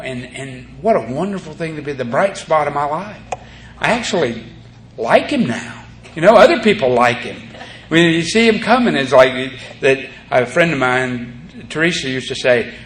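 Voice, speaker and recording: A man's voice: mid-range voice, a bit bright. A man speaking at a recovery meeting, rambling as he tells his story with many "you know"s. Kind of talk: recovery talk to an audience. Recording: echoey room tape with faint hiss.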